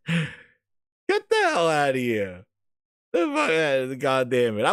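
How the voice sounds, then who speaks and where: A man hosting a casual livestream, ranting about games in a profane, excitable way with frequent laughter. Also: on the high side, takes it slowly, clear, resonant tone, no echo, studio quality. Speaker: gaming news streamer.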